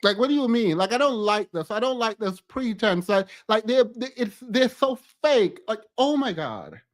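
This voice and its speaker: A man's voice: high voice, big pitch swings, moderate pace. A man streaming reaction commentary on reality TV clips, exasperated and ranting, repeating words for emphasis.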